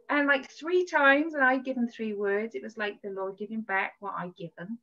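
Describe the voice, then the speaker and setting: A woman hosting a faith podcast, telling a personal story in a casual, animated way over a video call. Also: medium pitch, normal speed. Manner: animated storytelling, acts out quoted voices. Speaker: podcast host sharing a testimony. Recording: dull lo-fi video-call audio.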